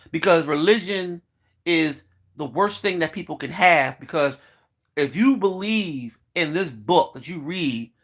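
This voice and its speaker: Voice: medium pitch, fairly bright tone. A vlogger delivering a heated, profane monologue, swearing constantly and acting out what people said.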